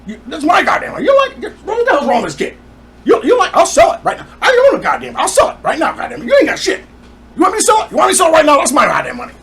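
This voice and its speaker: A man voicing his angry older father, who shouts and curses. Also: very high-pitched, wildly swooping pitch, very fast, gravelly, pitched above the performer's own voice, exaggerated voice. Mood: furious. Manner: yelling, swearing.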